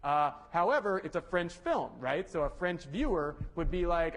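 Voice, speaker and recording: A young male lecturer with a fairly high voice talks through a university class in a loose, rambling way. He corrects himself often, fills pauses with ums and uhs, and tosses joking asides to the students. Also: animated. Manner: casual, rambling, self-correcting with many fillers. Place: lecture hall.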